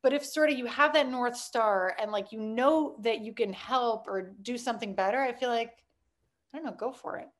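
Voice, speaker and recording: High-voiced chatty woman, laughs often. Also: moderate pace. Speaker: startup founder, guest. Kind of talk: casual interview talk.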